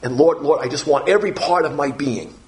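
A man's voice: fairly high pitch, brisk. A man preaching a morning sermon as pastor, earnest, repeating phrases and pushing his voice up on the key words.

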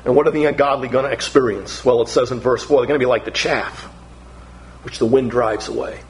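A man's voice: mid-range voice, steady tone, brisk, rough recording. A middle-aged man preaching a sermon, emphatic and building through repeated phrases.

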